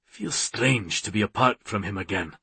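A man voicing a brooding immortal Highland warrior, speaking low, hushed and tender. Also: normal speed, husky, no room sound, heavily acted. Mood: earnest.

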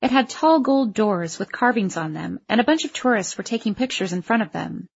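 A woman's voice: medium pitch, lively intonation, a little fast, vocal fry, breathy edge, lo-fi sound. A woman narrating a first-person story aloud, in a wry, self-conscious voice. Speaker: audiobook narrator.

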